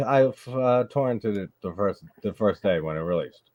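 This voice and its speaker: A man's voice: on the low side, animated, normal speed, a crowd in the background. A man co-hosting a casual podcast, laid-back and blunt. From United States. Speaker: podcast co-host. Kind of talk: casual chat. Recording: dull lo-fi mic.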